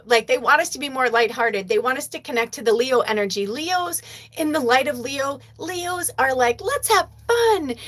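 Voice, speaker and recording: A woman from the United States hosting a psychic livestream, chatting casually and freewheeling, cursing freely. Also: mid-range voice. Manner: animated, freewheeling, swears freely. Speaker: psychic medium and livestream host. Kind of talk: casual spiritual livestream chat.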